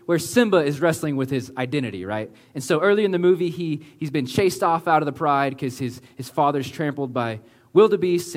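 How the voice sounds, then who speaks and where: A man preaching a sermon in a church, earnest and conversational, often slowing to a hush for emphasis. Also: on the high side. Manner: earnest, conversational preaching with many "like" and "right?" asides; slows down and drops to a hush for emphasis. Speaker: pastor.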